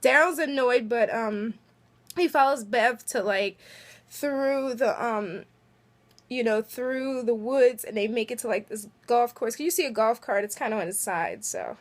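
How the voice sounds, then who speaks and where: A woman's voice: fairly high pitch, a bit bright. A woman casually recapping a TV episode on her vlog in a chatty, giggly way, full of filler words. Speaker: vlogger.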